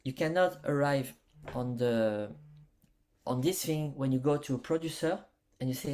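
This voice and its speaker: A man with a French accent, a musician guest in a casual interview, speaking halting English and acting out stories in quoted voices. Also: medium pitch, darkish tone, a little hiss or hum. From France.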